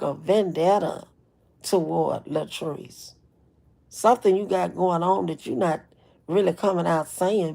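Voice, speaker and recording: Woman, AAVE speech, very gravelly, dark mellow tone, blunt live-stream commentary. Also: mid-range voice. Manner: blunt, emphatic, repeats herself; greets chat viewers by name. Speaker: livestream host.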